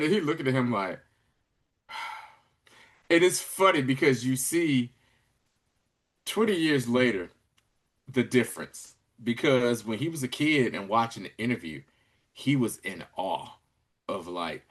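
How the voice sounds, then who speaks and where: A man co-hosts a casual podcast recap with a bright, forward voice. He talks in loose slang, laughs as he goes and slips into the characters' lines as he retells the scenes. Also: mid-range voice, measured pace, pauses often. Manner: animated storyteller, acts out quoted lines; slangy, laughs while talking. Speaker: podcast co-host.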